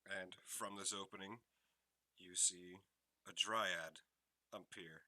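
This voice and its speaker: Bright-voiced man narrating as game master. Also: deep voice, fairly even intonation. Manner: slow, measured scene-setting narration.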